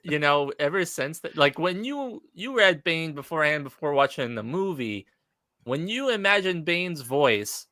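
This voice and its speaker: Bright-voiced, animated man. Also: on the high side, unhurried, no room sound, clean studio sound. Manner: animated retelling with many fillers. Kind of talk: casual chat about comics.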